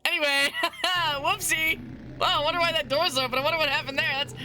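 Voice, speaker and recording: A woman's voice: high voice, steady tone, fast talker, pushed and bright, slight background noise. A woman streaming a game, reading its eerie text aloud and chatting casually, laughing often and swearing now and then.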